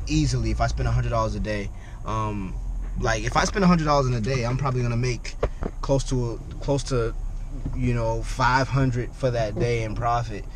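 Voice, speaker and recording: A young man vlogging casually from his car, excitable and repetitive, talking to his viewers as family. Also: mid-range voice, noisy background. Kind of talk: casual vlog talk to camera. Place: in a vehicle, driving.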